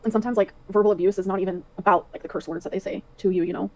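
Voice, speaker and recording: A woman's voice: mid-range voice, steady tone, very fast, warm tone. A woman streamer talking casually and reading messages aloud, played from a livestream clip.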